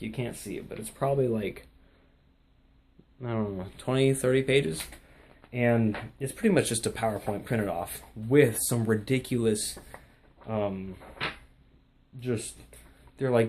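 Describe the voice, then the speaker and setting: Young male vlogger, excitable and rambling, casual talk to camera. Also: fairly low pitch. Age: young adult. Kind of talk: casual vlog chat.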